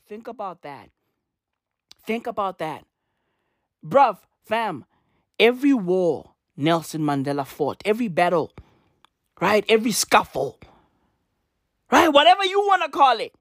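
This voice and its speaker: A young man delivering a comedic rant, animated and slangy, swearing and repeating his punchlines. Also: very high voice, a little slow, no echo, studio quality. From South Africa. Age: young adult.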